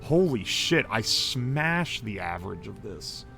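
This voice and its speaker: A man streaming a game live, reading out ingredient lists and swearing in loud disbelief, then making himself talk calmly. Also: on the low side, takes it slowly, creaky, faint music behind. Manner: excitable and profane, swearing and yelling in disbelief. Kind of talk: live-stream gaming commentary.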